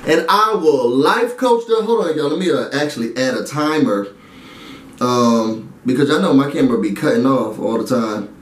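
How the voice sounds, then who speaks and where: A man hosting a casual TV recap vlog, talking straight to his viewers in an animated, chatty way full of asides. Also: mid-range voice, normal speed, roomy sound, far from the mic. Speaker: reality TV recap YouTuber.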